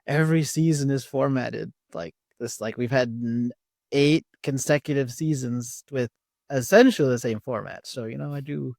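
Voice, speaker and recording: A man in casual podcast chat, talking at a middle pitch in a measured, unhurried way with little pauses as he recaps. His voice is dry and close, with no room around it. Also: vocal fry, a little mellow, dry recording. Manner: measured, hesitant, many "uh" fillers. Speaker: podcast co-host.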